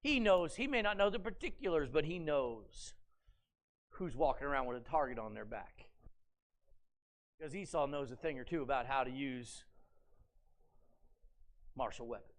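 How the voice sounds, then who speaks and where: A male pastor preaching a sermon as an animated storyteller, dramatizing scripture with rhetorical questions to the congregation. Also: medium pitch, normal speed, pauses often. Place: church sanctuary.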